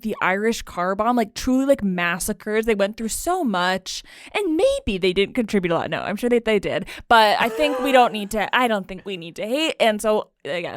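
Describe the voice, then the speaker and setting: A woman's voice: mid-range voice, no echo, studio quality. A woman hosting a podcast in casual chat, playful as she leads the segments. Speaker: podcast host.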